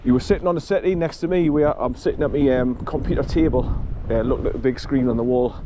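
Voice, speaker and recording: A man's voice: medium pitch, quick pace. An older man chatting casually while walking his dog outdoors. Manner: chatty, laughs often, coos at his dog. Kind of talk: casual outdoor vlog chat. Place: outdoors by a river road in wind. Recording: wind noise outdoors.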